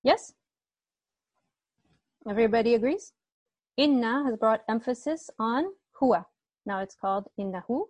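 Woman, online grammar teacher, slightly high voice, dry close sound, chatty, self-correcting. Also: normal speed, long pauses, a little mellow, no echo. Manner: chatty, self-correcting, asks class to confirm. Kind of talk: online class instruction.

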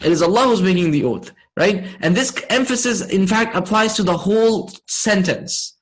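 A man teaching a class, explaining slowly and checking in with his students often. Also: high voice, lively intonation, rough recording. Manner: slow, deliberate explaining. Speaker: Arabic grammar teacher.

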